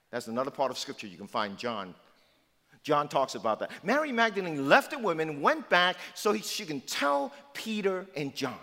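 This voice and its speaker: A man preaching an Easter sermon, retelling the story with swings from loud to hushed. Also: a little high, long reverb tail. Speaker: pastor.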